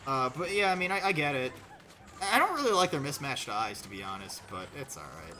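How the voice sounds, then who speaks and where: A man's voice: medium pitch, big pitch swings, brisk, pushed and bright, slight background noise. A man streaming a game, chatting casually and rambling, often restarting and swearing. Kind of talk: casual gameplay commentary.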